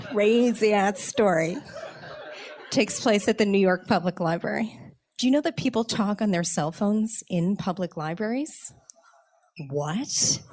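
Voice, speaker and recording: A young woman comedian telling a comic personal story in a wry, self-mocking, animated way. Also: mid-range voice.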